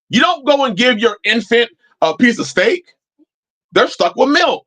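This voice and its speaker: A man's voice: very animated, unhurried, pushed and bright, low-quality recording. A man hosting a fellowship stream, giving a loose, joking Bible teaching, swearing casually and laughing often. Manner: acts out his prayers in a lower voice.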